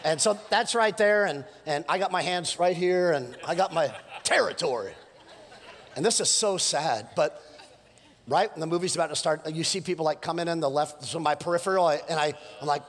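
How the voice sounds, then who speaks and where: A male pastor preaching a sermon, telling stories with playful asides and building to fired-up calls, his voice a little hoarse from preaching several services. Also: a little high, a little fast. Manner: animated, storytelling with playful asides and rising exhortations. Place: church sanctuary. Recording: long church hall reverb.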